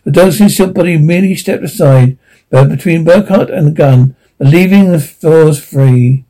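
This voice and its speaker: A man reading a science-fiction story aloud, with a halting delivery that often stumbles and repeats. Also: a little high, warm tone, low-quality recording. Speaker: audiobook narrator. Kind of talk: sci-fi audiobook reading.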